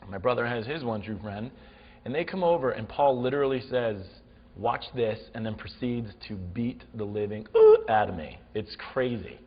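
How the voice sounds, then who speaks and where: A man's voice: medium pitch, moderate pace, lo-fi sound. A man telling a funny story as a talk show guest, acting out the scenes. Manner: animated, acts out the scenes. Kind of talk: comic storytelling.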